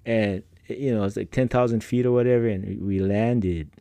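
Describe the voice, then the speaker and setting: A man's voice: fairly low pitch, steady tone, moderate pace, vocal fry, mellow, clean tone, no echo. A middle-aged man hosting a podcast, telling personal stories in a laid-back, rambling way with slang and frequent laughter. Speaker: podcast host. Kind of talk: casual personal storytelling.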